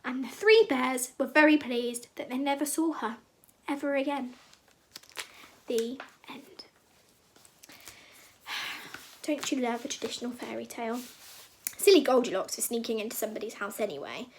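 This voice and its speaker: A woman teacher reading a fairy tale aloud for children in an expressive, sing-song way. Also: fairly high pitch, brisk, a little hiss or hum.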